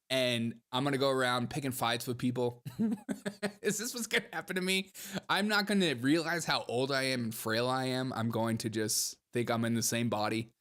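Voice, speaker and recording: A man's voice: mid-range voice, fairly bright tone. A young man hosting a commentary show, reacting to clips in a mocking way, laughing often and talking to his chat.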